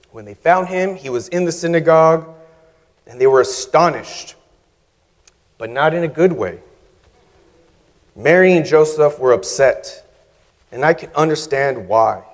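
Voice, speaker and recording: A man preaching a sermon as guest preacher, measured and humorous, with emphatic pauses. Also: mid-range voice. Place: church sanctuary. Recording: reverberant church hall.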